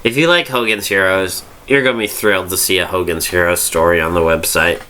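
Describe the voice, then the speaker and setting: A man's voice: deep voice, fairly quick, bright, forceful tone. A drunk man hosting a casual, rambling review monologue, swearing freely and losing his train of thought. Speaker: fanfiction review host.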